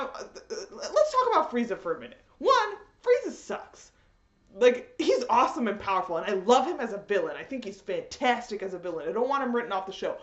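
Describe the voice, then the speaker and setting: A woman reviewing an anime episode in a casual vlog, in an animated, rambling fan rant. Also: fairly high pitch. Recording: echoey room, dull lo-fi audio.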